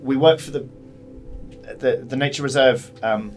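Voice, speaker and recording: A man's voice: medium pitch, a little slow, faint music behind, natural voice. A man voicing a nervous young woman who pilots a boat, stammering and hesitant.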